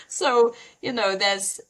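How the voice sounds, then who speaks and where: A woman's voice: on the high side, drawn-out words. A woman, a mother and podcast guest, telling candid stories in casual chat with laughs. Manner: candid, animated storytelling with laughs. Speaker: mother of two.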